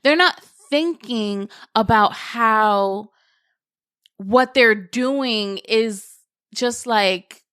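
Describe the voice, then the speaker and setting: A young adult woman hosting a solo podcast, thinking out loud in a conversational, reflective way with lots of casual fillers. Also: fairly high pitch, very slow, clear, resonant tone, no echo, clean studio sound. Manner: reflective, conversational, many "you know" fillers. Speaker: podcast host.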